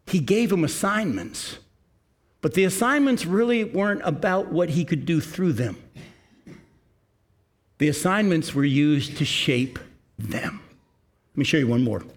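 A man's voice: a little high, animated, a little slow, pauses often. A male pastor preaching a sermon in a conversational way, asking his listeners questions.

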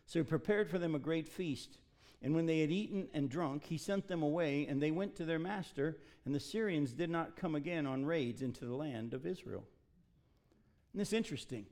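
Man preaching from scripture, slightly high voice. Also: fairly quick, darkish tone. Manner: reads scripture then preaches, addresses congregation directly. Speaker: pastor. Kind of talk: sermon with Bible reading.

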